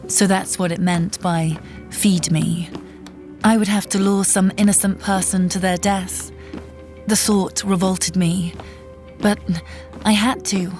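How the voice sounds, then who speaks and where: A woman reading a first-person horror story in a tense, measured storytelling manner. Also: mid-range voice, fairly even intonation, darkish tone. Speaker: narrator. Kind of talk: scripted horror narration. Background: faint music.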